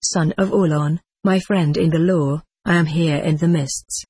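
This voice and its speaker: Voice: mid-range voice, fairly even intonation, a little slow, a little mellow, husky. A text-to-speech voice reading the lines of a young boy who calls to and bids farewell to a friend, in formal ritual phrasing. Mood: solemn.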